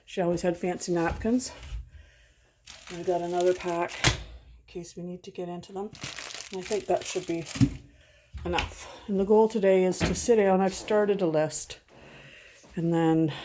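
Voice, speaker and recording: A woman's voice: fairly low pitch, fairly even intonation, moderate pace, long pauses, noisy background. A middle-aged woman chatting casually at home in a rambling, sentimental vlog. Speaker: vlogger. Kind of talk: casual chat.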